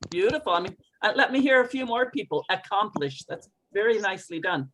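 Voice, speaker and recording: A woman coaching English pronunciation in an online group lesson, expressive and encouraging as she models phrases for learners to repeat. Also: mid-range voice, a little fast, slight background noise, rough recording.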